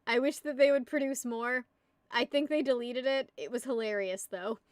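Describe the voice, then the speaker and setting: A woman's voice: on the high side, moderate pace, no room sound, studio quality. A young woman from the United States chatting casually on a live stream, giggling and rambling as she answers her chat. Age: young adult. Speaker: livestreamer.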